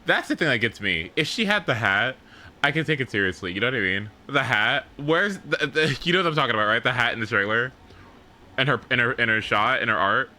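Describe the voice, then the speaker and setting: A man hosting a casual livestream chat, giggly and animated, breaking into high squealing laughter and exaggerated reactions. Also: brisk. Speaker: livestream host.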